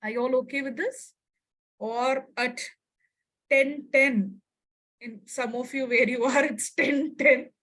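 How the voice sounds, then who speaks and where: Woman, psychologist, online workshop, high voice, expressive, acts out examples, checks in with listeners. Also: slow pace, pauses often, poor audio. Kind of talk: interactive online lecture.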